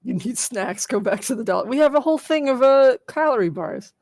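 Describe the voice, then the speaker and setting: A woman co-hosting a text adventure stream, chatting casually with playful deadpan jokes and reading story lines aloud. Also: a little high, a little fast, dry recording. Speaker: co-host playing a text adventure game.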